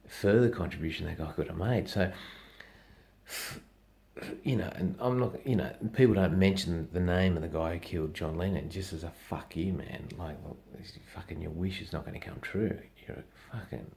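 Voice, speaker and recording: Middle-aged aussie bloke ranting, swears every other word, really low gravelly voice. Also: male voice, darkish tone. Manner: swears constantly, rambling and blunt. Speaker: comedian vlogger. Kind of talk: profane casual rant.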